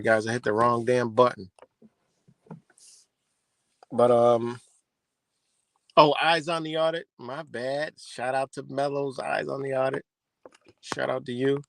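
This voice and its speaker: A man rambles casually to his livestream audience, swearing freely as he drifts from thought to thought. His voice has a gravelly, creaky texture at a middle pitch. The sound is dry and close, with no room around it. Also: no room sound. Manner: loose, profane, conversational. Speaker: livestream host.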